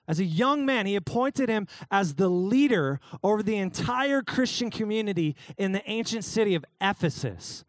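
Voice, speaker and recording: A man's voice: high-pitched, no room sound, studio quality. A young adult man preaching a casual, joking youth sermon, calling out listeners by name. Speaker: youth pastor.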